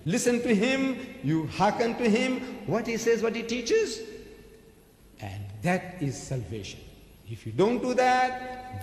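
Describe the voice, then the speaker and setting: Fairly high-voiced man giving an emphatic, rhetorical sermon-style lecture, in a long echoing hall. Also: huge pitch swings, normal speed, darkish tone. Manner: emphatic, rhetorical, asks and answers his own questions. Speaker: preacher lecturing an audience. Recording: echoey hall recording.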